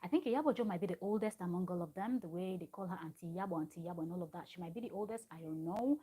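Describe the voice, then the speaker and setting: A woman's voice: on the low side, racing, dark tone, slightly rough. A woman, recapping a reality show on a live stream from home, telling it in a chatty, digressive way with asides to her viewers. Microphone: live-stream microphone.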